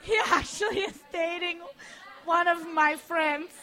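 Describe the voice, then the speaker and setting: A woman playing a deadpan female supermodel TV host in a comedy sketch interview, answering tersely and matter-of-factly. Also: very high-pitched, unhurried, exaggerated voice.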